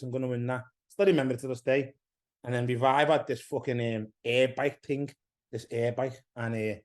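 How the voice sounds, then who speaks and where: A man from England with an English accent, telling a rambling story as a podcast guest, swearing freely and getting heated. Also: medium pitch. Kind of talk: casual chat, storytelling.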